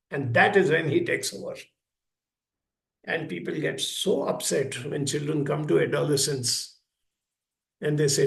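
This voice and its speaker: High gravelly-voiced man in an echoey hall. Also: normal speed. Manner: animated storyteller, acting out parent and child voices. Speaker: speaker at a school talk. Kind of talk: public talk with acted-out stories.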